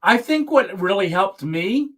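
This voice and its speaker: Guy hosting a live stream chat, earnest and emotional, slightly high voice. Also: expressive, unhurried, fairly bright tone.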